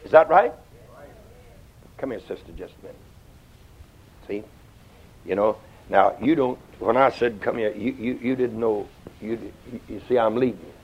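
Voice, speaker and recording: An older man preaching a sermon, folksy and storytelling, swinging between loud outbursts and hushed asides. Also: fairly low pitch, normal speed, pauses often, slightly rough. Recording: dull lo-fi sound.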